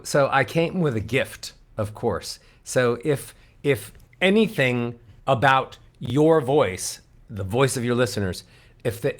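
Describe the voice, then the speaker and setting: A man coaching as a vocal coach on a radio show, upbeat and encouraging. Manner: sings scales up into a very high head voice. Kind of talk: guest coaching on a radio show, singing warm-up scales.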